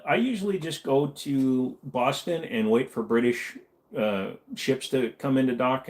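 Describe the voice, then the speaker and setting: A man hosting a casual late-night livestream Q&A, rambling and joking as he reads chat messages aloud. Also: lowish voice. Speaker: livestream host.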